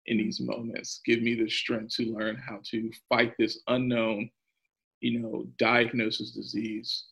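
A man's voice: mid-range voice, completely flat delivery, measured pace, gravelly, a bit bright, slightly rough, rough recording. A man, a pastor, speaking earnestly and openly in a podcast interview about his faith and hard times, with a nervous laugh now and then.

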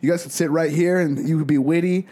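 A man's voice: on the high side, fairly even intonation, fast talker, dark tone. A man co-hosting a podcast in casual chat, joking, swearing and laughing often. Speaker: podcast co-host.

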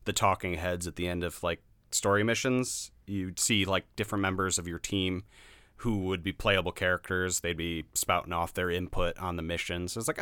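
Man, low and bright, blunt laughing game reviewer; crisp, dry close recording. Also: steady tone, normal speed, no echo. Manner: laughing, blunt, swears freely. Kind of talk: casual podcast chat.

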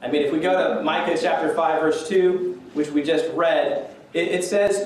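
A man preaching to his congregation in a loose, chatty way, joking at his own expense. His voice sits a little high for a man. He sounds distant from the microphone, in a very echoey church with a faint hiss behind him. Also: steady tone, normal speed, few pauses, darkish tone. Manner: conversational, self-deprecating with chuckles. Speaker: pastor. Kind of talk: sermon. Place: church sanctuary.

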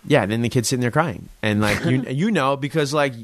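A man hosting a casual podcast chat, relaxed and friendly, saying "dude" often. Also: mid-range voice, fairly quick, no echo. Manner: laid-back, says "dude" a lot. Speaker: podcast host.

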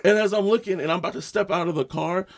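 A man's voice: sits high, fast, gravelly, slight background noise. A man co-hosting a podcast, telling a rambling story in casual chat, swearing and laughing as he goes. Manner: rambling, animated, swears a lot, laughs often. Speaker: podcast co-host.

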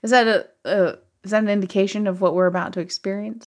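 A woman's voice: medium pitch, fairly even intonation, quick pace. A woman co-hosting a podcast in casual chat, with dry, teasing, sarcastic asides. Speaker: podcast co-host reviewing films.

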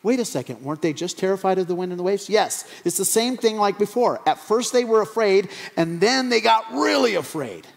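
A man preaching a sermon as a pastor, telling the story with animated humor. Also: high voice, fairly quick, vocal fry, hardly any pauses. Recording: echoey hall.

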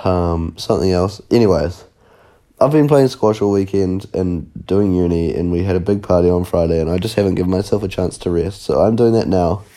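Coughing young New man, deep voice. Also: a little fast, warm tone. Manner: blunt, swearing, laid-back. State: sick, coughing, sore throat. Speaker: podcast co-host. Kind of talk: casual podcast chat.

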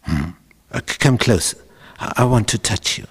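A man's voice: fairly low pitch, expressive, normal speed, breathy edge, long reverb tail. A man voicing a blind elderly father who questions doubtfully who stands before him. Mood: suspicious. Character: blind old father Isaac, suspicious.

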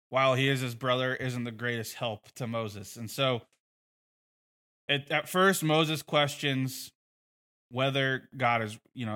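A man's voice: mid-range voice, pushed and bright. A man teaching a bible lesson in a conversational way, with frequent fillers and restarts.

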